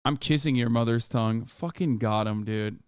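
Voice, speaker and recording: A man's voice: mid-range voice, moderate pace, a little hiss or hum. A man in his thirties, a Turkish native speaker, giving sarcastic, profane reaction commentary on a livestream. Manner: sarcastic, profane, animated riffing. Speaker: streamer and political commentator.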